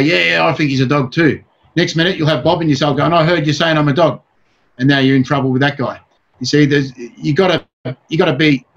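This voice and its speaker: A man with an Australian accent, a comedian speaking as an interview guest, talking bluntly and swearing a lot while he rambles on. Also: fairly high pitch. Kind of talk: casual interview chat. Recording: dull lo-fi sound.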